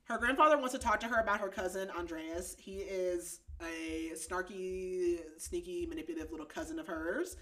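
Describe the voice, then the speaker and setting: A woman's voice: fairly low pitch, normal speed, few pauses, sharp tone. A woman hosting a podcast, casually recapping a romance novel with lots of "like" and frequent giggles. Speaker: podcast host. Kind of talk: casual book recap chat.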